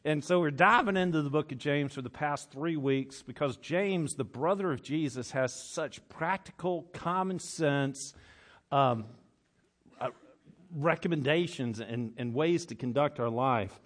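In a church before his congregation, a male pastor with a somewhat high, slightly bright voice delivers a conversational sermon at a slightly slow pace. He keeps restarting and correcting his phrases, and he reads old scripture aloud.

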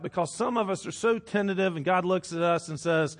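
A middle-aged man preaching a sermon, swinging from hushed, intimate passages to loud, animated outbursts. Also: sits high, fairly quick, hardly any pauses. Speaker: pastor.

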